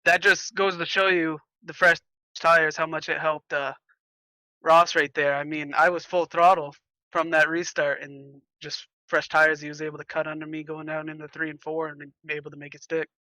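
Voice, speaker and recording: Bright, flat-toned frustrated racer. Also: male voice, a little high, moderate pace, dry recording, rough recording. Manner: frustrated, explanatory, steady. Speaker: race driver. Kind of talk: post-race interview.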